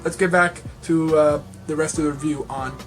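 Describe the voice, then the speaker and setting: Young male vlogger with a fairly high voice, rambling and excitable, laughing often, faint music underneath. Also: normal speed. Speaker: toy collector reviewer. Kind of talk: casual vlog storytelling.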